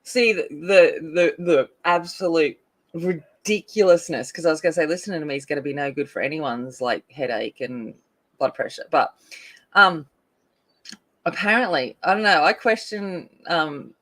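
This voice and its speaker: Lively Australian woman chatting while colouring. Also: low-pitched, moderate pace. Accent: North Queensland Australian. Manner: chatty, giggly, rambling with many fillers. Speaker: colouring channel host. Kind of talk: casual chat while colouring.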